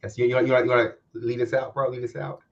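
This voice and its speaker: Fast-talking man, stumbling over repeats. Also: mid-range voice, lo-fi sound, noisy background. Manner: repeats words, quick and excitable. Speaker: co-host. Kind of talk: casual chat.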